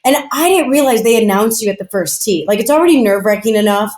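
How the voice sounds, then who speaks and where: A woman's voice: medium pitch, fast talker. Woman guest chatting away, fillers everywhere, sounds a bit echoey. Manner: animated, chatty, many fillers. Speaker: podcast guest. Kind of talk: casual storytelling. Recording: roomy echo.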